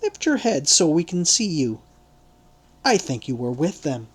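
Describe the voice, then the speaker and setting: A man's voice: fairly high pitch, very animated, measured pace, breathy edge, full character voice. A man reading an audiobook voicing a scornful young maidservant who taunts in a raised voice. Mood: taunting.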